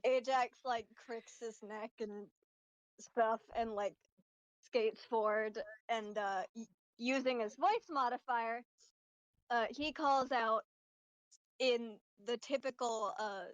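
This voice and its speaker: A woman's voice: fairly high pitch, fairly even intonation, slow pace, no room sound, lo-fi sound. A woman playing a tabletop game, easygoing as she narrates her character's actions. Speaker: player. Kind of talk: casual game chat.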